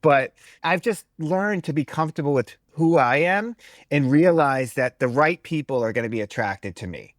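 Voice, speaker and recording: A man's voice: on the high side, lively intonation, moderate pace, no echo, clean studio sound. A man from the US East Coast who teaches breathwork, talking as a guest in a blunt, straightforward and emphatic way. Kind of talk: casual conversation.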